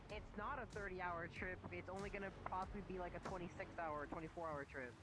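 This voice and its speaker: A fellow passenger on a bus chatting excitedly, often repeating words. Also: mid-range voice, quick pace, noisy background. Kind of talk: casual chat. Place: on a moving bus. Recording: with loud music playing behind.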